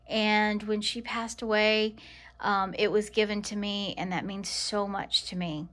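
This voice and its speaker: A woman walks through her house with a handheld camera, giving a casual vlog tour. She talks slowly and gently, filling pauses with ums. Her pitch sits in an ordinary middle range. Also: steady tone. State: emotional. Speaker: vlogger. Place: her decorated home. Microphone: handheld camera walked around.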